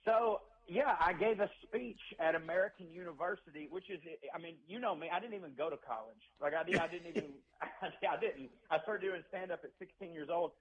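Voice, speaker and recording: A man's voice: high voice, brisk, husky. A man with a Southern US accent, a stand-up comedian telling self-deprecating stories as a guest over the phone. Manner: joking, self-deprecating storyteller. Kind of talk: casual phone interview. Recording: muffled phone line.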